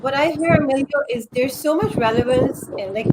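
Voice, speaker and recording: A woman's voice: high-pitched, brisk. A woman co-hosting a live panel, thanking the speaker and reading out viewer comments in an appreciative way. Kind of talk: live stream panel talk. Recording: loud background noise.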